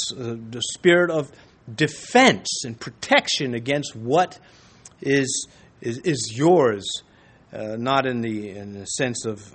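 A man's voice: mid-range voice, fairly bright tone. A man teaching a Bible lesson in a conversational sermon style, with folksy asides and frequent restarts.

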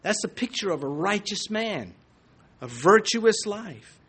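Middle-aged pastor, animated sermon delivery, high, swooping voice. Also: male voice, unhurried, husky. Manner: animated preaching with jokes and asides.

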